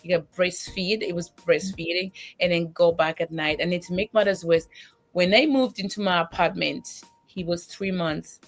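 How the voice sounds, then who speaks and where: A woman tells her story as a single mother with animated feeling, tearing up as she goes. She often stumbles and restarts her sentences. Faint music plays softly behind her. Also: fairly low pitch, moderate pace. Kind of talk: emotional testimony in a faith talk show.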